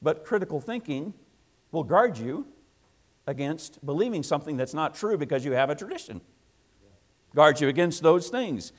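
A man preaching a sermon to a congregation, emphatic and repetitive, swinging between loud passages and hushed asides. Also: a little high, big pitch swings, normal speed.

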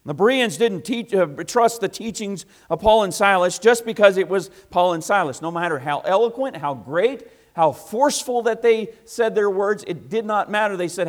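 Male preacher, sermon, high voice, emphatic, repeats his points, loud then hushed. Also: normal speed, hardly any pauses.

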